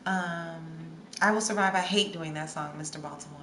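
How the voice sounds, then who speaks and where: A woman's voice: medium pitch, normal speed, few pauses, fairly bright tone. Woman, young adult, casual livestream talk, reads chat, echoey room. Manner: chatty, scattered, answers song requests with bits of singing. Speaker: livestream host. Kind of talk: casual livestream chat, reading viewer comments. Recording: roomy with faint ambient noise.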